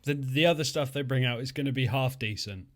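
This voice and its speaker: A man's voice: mid-range voice, a little fast, a bit bright. Blunt, sweary male podcast host. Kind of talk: casual chat over drinks.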